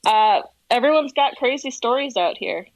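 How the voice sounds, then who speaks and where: Lively laughing woman telling stories. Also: a little high, moderate pace, no room sound, muffled recording. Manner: animated storyteller, laughs often. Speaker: whale watching tour guide, podcast guest. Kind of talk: casual chat, storytelling.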